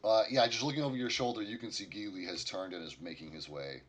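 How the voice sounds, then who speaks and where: A man's voice: fairly low pitch, fast, a little hiss or hum. A man narrating a tabletop game as game master in a loose, casual way with plenty of fillers.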